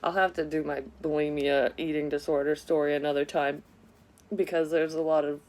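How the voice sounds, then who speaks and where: A woman's voice: deep voice, level tone, normal speed, darkish tone. A woman in her thirties telling a personal story in a candid, rambling way, swearing freely, as a psychic medium vlogger. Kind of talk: casual story-time monologue.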